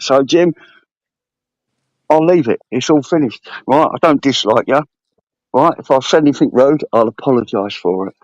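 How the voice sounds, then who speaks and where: A man's voice: mid-range voice, no echo. Earnest man on dull lo-fi call audio. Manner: earnest, repeats himself, uses slang like bruv. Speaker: live stream guest. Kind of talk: casual group chat on a live stream.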